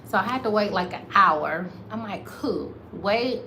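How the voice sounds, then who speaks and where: An American woman vlogging, telling a story to her viewers in a casual, animated way and calling them y'all. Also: medium pitch, normal speed, a little hiss or hum. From United States. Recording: roomy echo, faint ambience.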